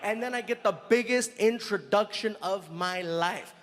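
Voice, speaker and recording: Male stand-up comedian, middle-aged, high voice, animated storytelling, long hall reverb. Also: unhurried, background noise. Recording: live venue with long reverb.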